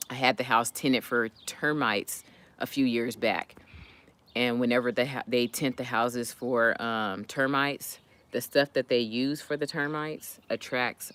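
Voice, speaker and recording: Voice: mid-range voice, pushed and bright. A regular on a live audio chat, telling stories in a loose, rambling way with lots of fillers and restarts. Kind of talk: casual storytelling chat. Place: lives in San Diego.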